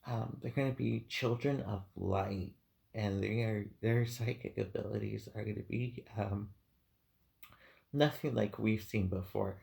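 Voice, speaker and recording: Male tarot reader, unhurried and halting, with a gravelly low voice and an emotional, choked-up delivery. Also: fairly even intonation, a little mellow. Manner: hesitant, many ums, heartfelt and emotional. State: teary-eyed. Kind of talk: unscripted tarot reading monologue.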